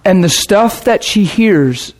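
A pastor preaches to his congregation in a chatty, rambling storytelling way. His voice is slightly higher than most men's, and it swings from quiet low asides to excited, raised bursts. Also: slow pace. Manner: casual, rambling, with restarts and laughter. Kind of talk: sermon storytelling.

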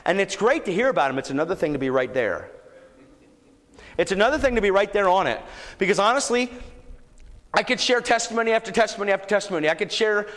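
A man preaching a sermon, telling a story and then exhorting the congregation with rising, shouted emphasis. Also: sits high, lively intonation, quick pace, long pauses. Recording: echoey hall, long reverb.

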